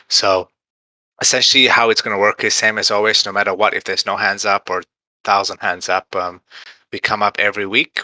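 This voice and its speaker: A man's voice: on the low side, bright, forceful tone, no room sound, rough recording. A man hosting a live community call, talking in a casual, upbeat, rambling way. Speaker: host of a community AMA call.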